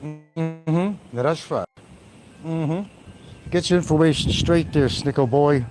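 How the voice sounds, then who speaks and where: A man's voice: a little high, slow, music in the background. A man hosting a livestream, rambling in a brash, taunting, trash-talking way. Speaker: livestream host.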